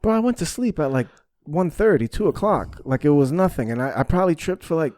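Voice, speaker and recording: Podcast host guy, swears a lot, animated storytelling, dry close sound. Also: fairly high pitch, fast talker, no room sound. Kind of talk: casual chat.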